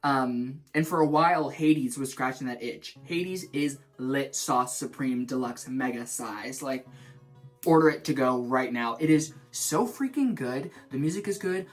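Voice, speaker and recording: A young man vlogging in his shower, rambling in an animated, self-mocking way. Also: medium pitch, a little slow, soft background music. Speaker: vlog host. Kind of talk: rambling stream-of-consciousness chat. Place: in the shower at home.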